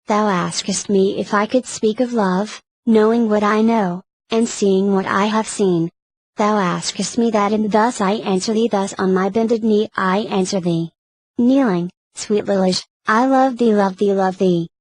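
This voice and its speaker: A woman voicing a lovesick, brooding young nobleman in an audiobook reading of a verse play, measured and reading stage punctuation aloud. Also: mid-range voice, darkish tone, dry recording, natural voice, low-quality recording.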